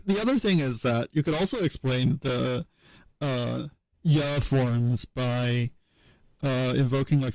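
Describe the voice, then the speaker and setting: A man at a middle pitch talks slowly through a technical explanation on a live stream. He hesitates and restarts often while he works his ideas out aloud. The sound is close and dry, with no room around it. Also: a little mellow, dry recording, poor audio. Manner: halting and hesitant, many fillers and self-corrections. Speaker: streamer explaining historical linguistics.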